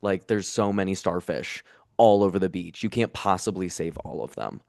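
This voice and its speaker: Low smooth-voiced man, animated storyteller. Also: normal speed, no echo, studio quality. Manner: emotional, animated storytelling with many fillers. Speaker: comedian guest. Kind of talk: casual podcast chat.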